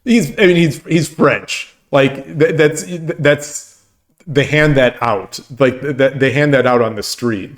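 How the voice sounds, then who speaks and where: A man's voice: medium pitch, unhurried. A man hosting his own stream and chatting casually with viewers, rambling and laughing as he talks. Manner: rambling, full of restarts and laughter. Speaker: streamer and host.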